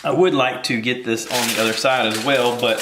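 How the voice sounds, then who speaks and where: A man's voice: medium pitch, fairly even intonation, a little fast, reverberant, background noise. A man hosting a casual cooking video from his home kitchen, rambling and joking at his own expense. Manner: rambling, jokey, self-deprecating.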